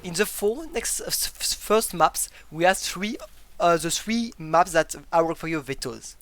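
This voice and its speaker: An esports caster giving live play-by-play commentary in non-native English, excitable and prone to sudden loud exclamations. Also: mid-range voice, measured pace. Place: broadcast booth.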